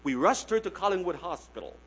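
Preacher: a man with a notably high voice, drops to a hush then swells loud, repeats key phrases. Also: very animated, fast, slight background noise, low-quality recording. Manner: swings from hushed to loud, repeats phrases for emphasis; addresses listeners as "my friends". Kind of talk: sermon.

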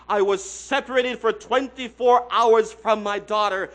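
High-voiced man preaching a sermon. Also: fairly even intonation, measured pace, hardly any pauses, poor audio. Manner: swings from hushed to loud, repeats phrases for emphasis; addresses listeners as "my friends".

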